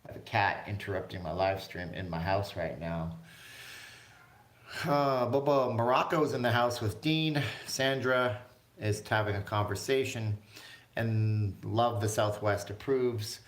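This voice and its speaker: A man hosts a casual live stream from his home, chatting easily and reading out viewers' comments. His voice sits fairly low, and the room gives it a noticeable echo. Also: unhurried. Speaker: vlog host. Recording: echoey room.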